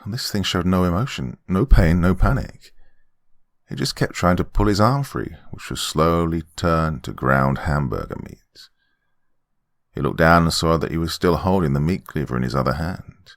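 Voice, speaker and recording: A man with a very low, deep voice narrates a horror story in the first person. His delivery is measured and dramatic. The recording is dry and close, with no room sound. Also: animated, no echo. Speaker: horror podcast host and narrator.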